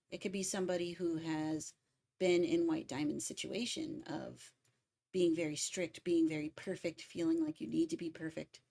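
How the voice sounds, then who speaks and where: A young adult woman who covers music is streaming live, her voice low, gravelly and mellow. She chats casually but emphatically, opinionated and insistent about word stress.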